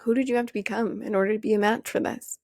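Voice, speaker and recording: Young woman, podcast host, gravelly fry, dry close sound, animated casual talk, swears freely. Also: fast, dry recording. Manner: animated, swears casually, acts out her own past questions in a higher voice. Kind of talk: casual motivational monologue.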